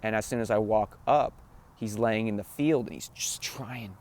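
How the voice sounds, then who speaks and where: A man's voice: lowish voice, moderate pace, darkish tone. Earnest man telling a heartfelt story. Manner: earnest, repeats phrases, keeps asking "right?". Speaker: spiritual talk host. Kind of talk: emotional personal storytelling.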